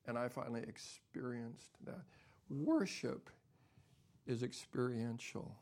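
An older man preaching a sermon as pastor, dropping to soft near-whispers and then building to loud, emphatic preaching. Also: mid-range voice, slow pace, creaky.

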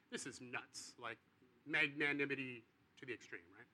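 A man delivers a sermon in a relaxed, chatty way, voicing the characters in his story as he goes. His voice sits a little high for a man and has a very bright, sharp edge. He swings from quiet asides to loud outbursts. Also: normal speed, rough recording. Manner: casual, conversational preaching with acted-out dialogue. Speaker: pastor.

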